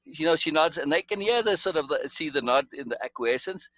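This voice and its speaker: Bright-voiced man rambling through stories. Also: a little high, animated, brisk, no echo, muffled recording. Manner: rambling, lots of restarts and chuckles. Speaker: storyteller. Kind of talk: casual storytelling chat.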